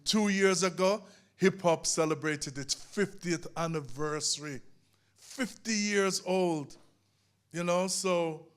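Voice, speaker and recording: Man, fairly high voice, passionate, emphatic, live panel talk in a museum. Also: takes it slowly, clear, resonant tone. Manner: passionate, emphatic, with frequent "you know what I mean". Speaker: panel guest. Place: museum event space.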